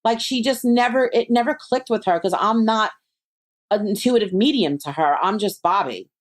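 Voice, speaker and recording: A woman talks as a guest on a podcast. She tells stories in an animated way, slipping into her friends' voices, then settles into calm advice. Her pitch sits in a middle range. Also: normal speed. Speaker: psychic medium guest. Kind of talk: conversational interview.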